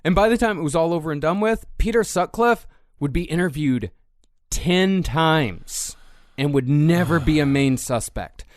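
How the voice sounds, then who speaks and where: A man's voice: fairly high pitch, moderate pace, no echo. Man reading case facts, dry close mic. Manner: steady, reads out case facts. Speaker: podcast co-host. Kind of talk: casual true-crime chat, reading research.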